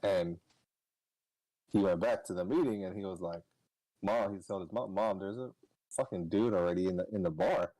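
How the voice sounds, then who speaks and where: A young man on a podcast, casually telling a story, swearing and laughing, his voice jumping high when he gets excited. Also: moderate pace, pauses often, dry recording, low-quality recording. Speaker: podcast co-host.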